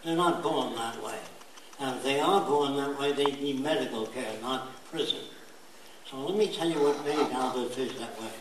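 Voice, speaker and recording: An older man giving a blunt, emphatic lecture, now and then mimicking accents in quick asides. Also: mid-range voice. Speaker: speaker giving a talk. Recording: very echoey room, voice from far off, faint hiss.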